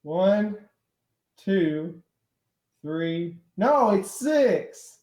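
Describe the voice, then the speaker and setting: Two slow-witted cyclops brutes guard a road and bicker over a toll in a tabletop game, voiced by a man running it. They sound a touch high, with a dark, mellow tone. The room adds a noticeable echo. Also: natural voice. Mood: exasperated. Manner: bickering, insulting, shouty. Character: two squabbling dim-witted male cyclops toll-keepers.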